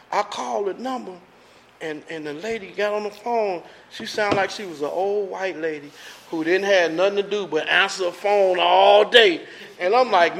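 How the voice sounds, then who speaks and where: A man telling his recovery story at a meeting, animated and earnest, acting out the people in it. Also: high voice, moderate pace, gravelly. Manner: animated, earnest, acts out voices. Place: meeting room.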